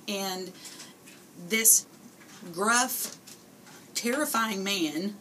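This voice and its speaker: Bright-voiced woman telling an earnest story. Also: mid-range voice, a little hiss or hum, low-quality recording. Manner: earnest, hesitant with fillers. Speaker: coworker giving a tribute. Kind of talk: heartfelt personal story.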